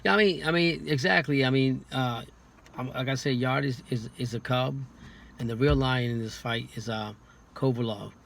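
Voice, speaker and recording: A man giving his take as a guest on a casual boxing talk show, halting, with many restarts and repeated words. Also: medium pitch, vocal fry, fairly bright tone. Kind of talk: casual podcast chat.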